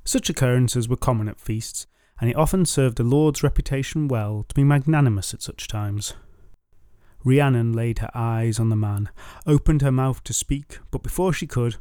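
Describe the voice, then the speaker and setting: A man's voice: medium pitch, moderate pace, warm tone, smooth, no echo. A man retelling an old myth with wry, sardonic asides, on a dry close mic. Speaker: storyteller.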